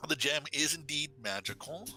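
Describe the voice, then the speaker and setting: A man's voice: a little high, lively intonation, moderate pace, bright, forceful tone, soft background music, poor audio. A man running a tabletop game as game master, rambling and hesitant, reading rules aloud as he goes. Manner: rambling, hesitant, looks up rules mid-sentence.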